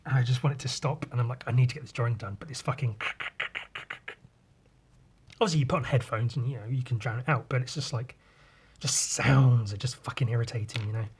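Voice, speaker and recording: A man's voice: medium pitch, fairly even intonation, fairly quick, pauses often, breathy edge. Guy rambling on his own podcast, swears a lot, keeps restarting sentences. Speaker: podcast host. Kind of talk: casual solo podcast chat.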